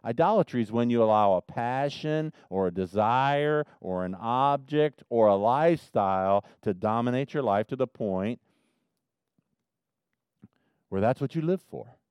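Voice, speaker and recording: A man's voice: medium pitch, expressive, normal speed, hardly any pauses, clean tone, no room sound. Preaching man with a resonant voice. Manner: preaching with wide swings from loud emphasis to quiet asides. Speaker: pastor. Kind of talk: sermon.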